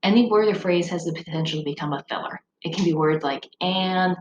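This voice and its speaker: A woman's voice: on the low side, fairly quick, highs cut off. A woman speech instructor giving a recorded lecture in a conversational, explanatory way, with occasional ums. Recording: roomy echo with faint background noise.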